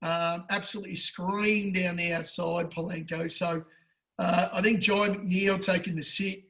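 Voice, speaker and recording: An Australian man with a high-pitched voice talks racing tips in a rowdy, profane way. He gets fired up and loud, then drops to a low mutter for jokes. It is casual podcast banter between mates. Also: measured pace, vocal fry, rough recording. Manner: loud, crude and excitable, swears a lot. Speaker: podcast co-host. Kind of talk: casual betting tips chat.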